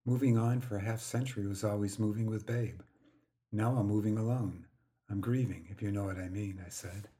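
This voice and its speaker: Quiet, gentle older man narrating. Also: fairly low pitch, fairly even intonation, a little fast. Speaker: podcast host. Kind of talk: first-person narrated story.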